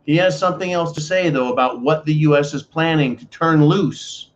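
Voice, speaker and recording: A man from the United States delivers a ranting commentary monologue, indignant and sarcastic, and keeps calling his listeners folks. His voice sits a little high for a man. The recording sounds dull and lo-fi. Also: normal speed. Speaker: political commentary host. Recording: dull lo-fi audio.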